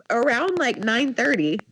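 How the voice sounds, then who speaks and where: A woman's voice: a little high, slight background noise, low-quality recording. Young woman telling a story animatedly. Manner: animated storytelling, heavy use of "like". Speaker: podcast co-host. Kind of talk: casual storytelling chat.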